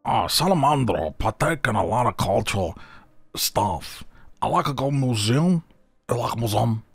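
A man's voice: medium pitch, animated, moderate pace, vocal fry, husky, dry recording. A man voicing a bumbling fake Frenchman in a put-on French accent, talking in broken, boastful English. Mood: eager. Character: bumbling fake Frenchman, adult male, eager. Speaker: gamer voicing a player character. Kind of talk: improvised role-play over gameplay.

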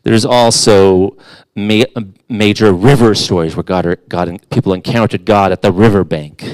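A man's voice: lowish voice, no echo. A middle-aged man preaching a conversational sermon as a guest in church, casual and self-deprecating, with playful asides.

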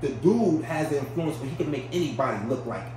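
Animated New man telling stories. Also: on the high side, brisk. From Brownsville, New York. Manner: animated, acts out voices in his stories, keeps checking in with the listener. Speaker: podcast guest. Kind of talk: casual storytelling. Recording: echoey room, distant mic, faint noise.

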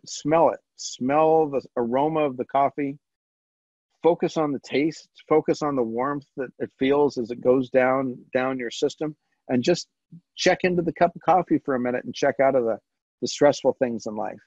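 A man presenting a stress management webinar in a relaxed, conversational way, pausing often with ums and restarting his sentences. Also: medium pitch, no room sound. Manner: halting, with frequent ums and restarts. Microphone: video call. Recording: dull lo-fi webinar audio, dry.

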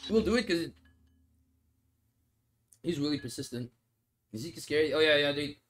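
A man's voice: on the high side, animated, moderate pace, fairly bright tone, slight background noise. Joking young man streaming. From Australia. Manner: laid-back, joking, swears, laughs often; talks while eating noodles. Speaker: mobile game streamer. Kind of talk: casual livestream chat, reading comments.

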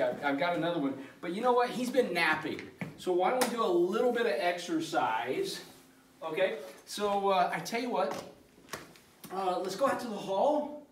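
A high-pitched male science teacher, chatty and loose, his voice a little distant from the camera. He talks with plenty of fillers in an empty classroom that rings with echo. Faint noise sits under it. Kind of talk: casual classroom video lesson. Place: empty classroom and school hallway. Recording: echoey room, voice from far off, faint noise.

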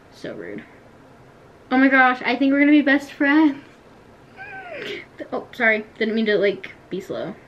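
A woman's voice: fairly high pitch, lo-fi sound. Chatty teen girl gaming vlogger. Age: teens. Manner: chatty, giggly, quick to complain. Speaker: YouTuber. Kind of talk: casual gaming vlog chat.

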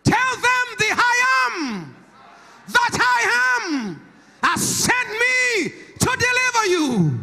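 A man preaching a shouted sermon, chanting and calling out to the congregation, at times speaking in tongues, in a church. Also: very high-pitched, wildly swooping pitch, slow pace. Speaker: pastor. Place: church sanctuary. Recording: preaching over loud church music.

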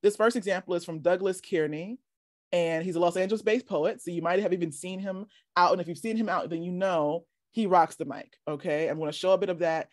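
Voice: medium pitch, fairly even intonation, a little fast, no room sound, studio quality. A workshop leader teaching casually over a video call, chatty and encouraging, often asking "right?".

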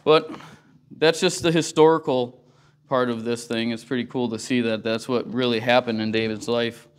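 Guy teaching sunday school at church, earnest and chatty, says you know a lot, mid-pitched voice. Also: steady tone, moderate pace. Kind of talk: casual Bible teaching. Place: church classroom.

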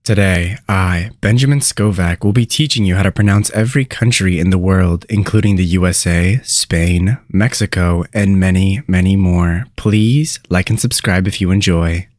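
A man with a very low voice hosts his own video with playful, tongue-in-cheek grandeur. He keeps a straight, deadpan delivery while announcing himself. The sound is dry and close, with no room around him. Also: normal speed, hardly any pauses, no room sound. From United States. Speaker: channel host.

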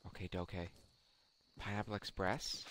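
A man giving casual, excitable commentary while playing a game and talking to his viewers. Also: low-pitched, a little slow, heavy background noise. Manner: excitable, chatty, addresses chat viewers. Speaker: gamer streaming a match.

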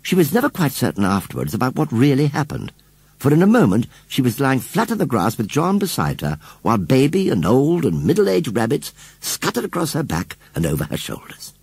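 A man reading a children's storybook aloud as narrator, telling it expressively and sinking softly for hushed moments. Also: medium pitch, huge pitch swings, brisk, husky, dry recording. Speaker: audiobook narrator.

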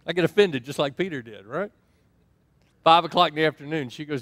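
A man delivers a sermon in a fairly high voice and moves easily into storytelling. He acts out the dialogue in his stories with lively swings. The recording is close and dry, with little room sound. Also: fairly quick, pauses often, dry recording. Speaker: pastor.

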